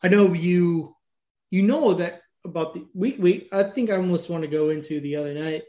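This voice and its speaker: A man's voice: high-pitched, normal speed, muffled recording. Profane rambling podcast guy. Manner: profane, rambling, animated storytelling. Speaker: podcast co-host. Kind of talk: casual crude chat.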